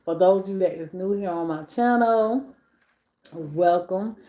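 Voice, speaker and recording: A woman's voice: mid-range voice, normal speed, mellow. Chatty woman live-streaming in an echoey room. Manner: chatty and emphatic, stacks repeated phrases; talks between bites while eating. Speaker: vlogger hosting a live stream. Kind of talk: casual live-stream chat.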